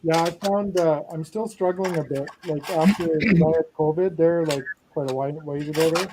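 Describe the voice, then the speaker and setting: Guy with a higher voice hosting a chill chat, tells stories and quotes people, slight hiss. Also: moderate pace. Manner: storytelling, animated retelling with quoted dialogue. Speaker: host. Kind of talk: casual chat.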